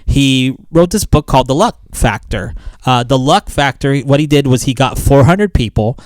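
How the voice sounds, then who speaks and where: A man's voice: medium pitch, animated, normal speed, dry recording. A man co-hosting a casual podcast, joking and rambling with lots of fillers. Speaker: podcast co-host.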